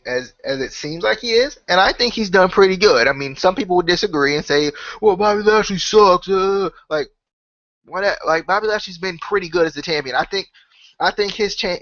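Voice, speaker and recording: A man's voice: fairly high pitch, a bit bright, no echo, highs cut off. A man hosting a wrestling podcast, his voice sick, talking in a casual rambling way with lots of "right?" and "you know.". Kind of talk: casual solo opinion talk.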